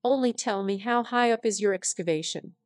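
A woman's voice: mid-range voice, fairly quick, dry recording, studio quality, close to an everyday voice. A synthetic woman reading as a wary old male prisoner. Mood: cautious.

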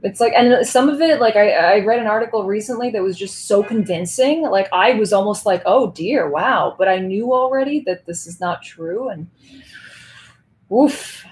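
A woman's voice: medium pitch, moderate pace, a little mellow, slight background noise. Woman, Russian native, livestream host, chatty, rambling, casual home chat, faint background ambience. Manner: chatty and rambling, with many restarts. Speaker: livestream host signing autographs. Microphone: headphones.

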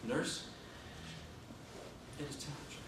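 A man voicing a blunt, wisecracking male delivery doctor in a matter-of-fact, slightly hushed way. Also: unhurried, close to an everyday voice. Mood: deadpan. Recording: echoey room, distant mic, noise.

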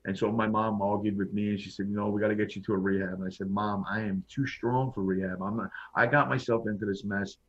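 A man with a lowish voice tells his own story in a casual interview, speaking bluntly and frankly and often circling back to restart a thought. The recording sounds dull and lo-fi, as if the top end has been shaved off. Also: fairly even intonation, fast, hardly any pauses, slightly rough. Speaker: podcast guest.

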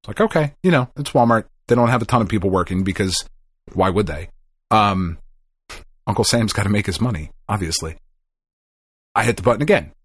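A middle-aged man co-hosting a podcast, telling a story in a casual, animated way, swearing often and acting out the people he quotes. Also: on the low side, fairly quick, pauses often, breathy edge, no echo. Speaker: podcast co-host.

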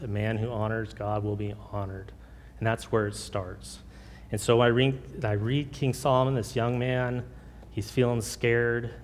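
A man preaching an informal sermon with personal testimony, earnest and halting, with many fillers and restarts. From Oregon. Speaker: lay preacher. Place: church sanctuary. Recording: long hall reverb, faint rumble.

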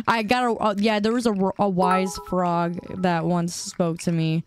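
A woman in her twenties chatting casually with viewers on a livestream, rambling in a playfully defensive way with halting restarts. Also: on the low side, clear, resonant tone. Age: 20s. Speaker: streamer.

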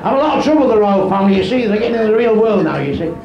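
A man's voice: high-pitched, lively intonation, very fast, crowd noise. A man doing a crude, brash stand-up set on a club stage, needling the audience. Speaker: stand-up comedian. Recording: echoey lo-fi live club recording with noise.

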